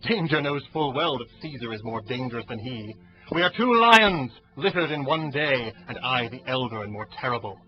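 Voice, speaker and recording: A man's voice: medium pitch, big pitch swings, normal speed, close to an everyday voice. A man playing a proud, defiant Roman ruler in a Shakespeare audio drama, declaiming grand verse. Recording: dull lo-fi audio under music.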